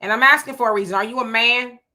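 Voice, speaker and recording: Woman doing a live stream, bright tone, gabbing thru viewer comments and cracking little jokes. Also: a little high, fast talker. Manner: chatty, opinionated, laughing asides. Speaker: livestream host. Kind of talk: casual live chat reading viewer comments.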